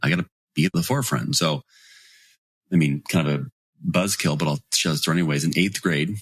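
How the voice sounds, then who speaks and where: Man, 40s, husky, low voice, animated storyteller, dry sound. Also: brisk, dry recording. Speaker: guest. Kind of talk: storytelling in podcast interview.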